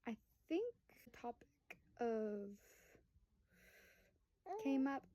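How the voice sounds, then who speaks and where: Young woman in her twenties, rambling casual storytelling, higher voice, mellow tone. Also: sing-song, drawn-out words, no echo, rough recording. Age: 20s. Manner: rambling, chatty, lots of fillers; acts out voices of family in quotes. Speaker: vlogger and young mother.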